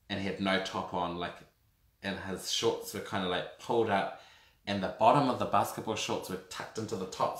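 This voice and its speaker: A man, telling a personal story to camera in a camp, theatrical way. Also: low-pitched. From New Zealand. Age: 30s. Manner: animated, camp and theatrical, calls the audience girl and darlings. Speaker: vlogger. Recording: echoey room.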